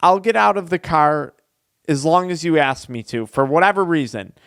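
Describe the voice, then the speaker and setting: Man doing a sly hitchhiker, ingratiating, smooth and clear, a bit high. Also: moderate pace, fairly bright tone, no room sound, studio quality.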